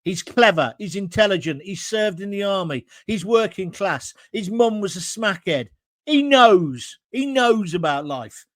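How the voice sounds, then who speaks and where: A man's voice: sits high, lively intonation, a little slow, no echo, clean studio sound. A middle-aged British man hosts a live opinion talk show and reads out viewer comments in a combative, ranting manner. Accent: British English. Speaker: host.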